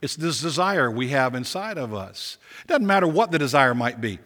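A man's voice: medium pitch, very animated, normal speed, fairly bright tone. A male pastor preaching a sermon with emphatic repetition and rhetorical questions. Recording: long reverb of a big hall.

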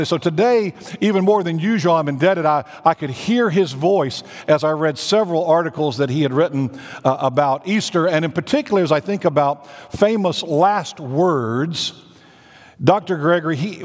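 A man, preaching a sermon as pastor with dramatic pauses and emphatic rising declarations, in a church sanctuary. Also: fairly high pitch. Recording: reverberant church hall.

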